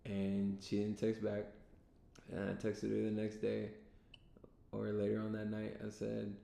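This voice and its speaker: A man's voice: monotone, normal speed, gravelly, warm tone. A man vlogging, casually telling a rambling story to his own camera mic, with lots of fillers. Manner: rambling, laid-back, full of fillers. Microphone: self-recorded camera mic. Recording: echoey room with faint rumble.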